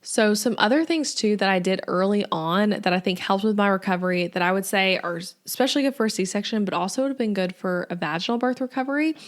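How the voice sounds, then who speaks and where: A woman's voice: mid-range voice, fast, hardly any pauses. A young woman hosting a podcast, talking casually with lots of fillers. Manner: chatty, lots of "like" and "um". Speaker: podcast host. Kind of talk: casual solo podcast talk.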